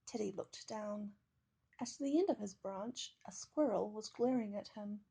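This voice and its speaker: A woman reading a children's picture book aloud, with gentle, measured storytelling. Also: mid-range voice, gravelly, husky. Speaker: storybook reader.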